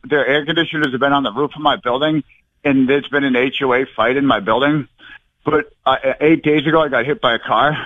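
Rambling breathless guy calling in, kinda high voice, tinny phone line. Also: no room sound. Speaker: caller.

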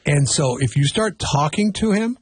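A man's voice: a little high, lively intonation, moderate pace, slightly rough, no echo. A man co-hosting a casual chat, rambling and correcting himself as he tells stories. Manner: rambling, self-correcting storyteller. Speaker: podcast co-host.

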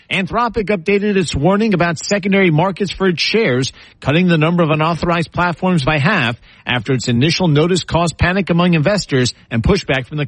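Husky-voiced male radio news anchor. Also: fairly high pitch, no echo, rough recording. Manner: steady, measured newsreader delivery. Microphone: studio microphone.

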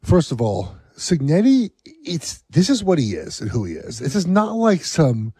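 A man co-hosting a sports radio show, mourning in mock sorrow with heavy sarcasm. His voice is dark and a bit husky. The mic is dry and close. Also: on the high side, huge pitch swings, a little slow, no room sound. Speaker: radio co-host, former football player.

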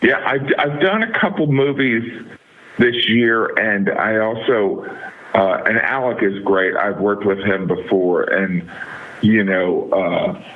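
A man's voice: on the low side, slow. A middle-aged man as a comedian guest in a casual interview, rambling with many fillers over a phone line.

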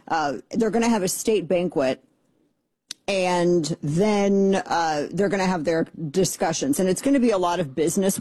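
A middle-aged woman hosting a political talk radio show, sarcastic and exasperated with quick asides. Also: lowish voice, dark tone, breathy edge, no room sound.

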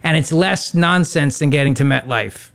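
A man hosts a radio talk show and banters with his co-host. He teases in a dry way, and his voice sits a little higher than most men's. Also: normal speed, creaky, fairly bright tone. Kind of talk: casual chat.

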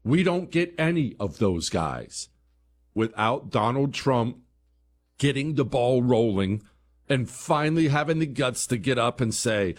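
A man's voice: animated, unhurried. Emphatic male talk radio host. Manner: emphatic, rising to heated peaks then dropping low.

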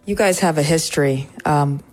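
A woman in her thirties co-hosting a radio show, telling a family story in a chatty, animated way. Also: sits low, normal speed, soft background music. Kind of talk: morning radio chat.

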